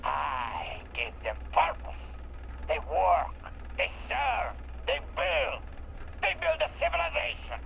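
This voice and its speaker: An actor playing a volatile, menacing slaver warlord in a video game, with a vaguely European accent, ranting with profanity. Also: male voice, high voice, wildly swooping pitch, creaky, fairly bright tone, a little hiss or hum, full character voice, poor audio. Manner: swings between snarling threats and slow lecturing.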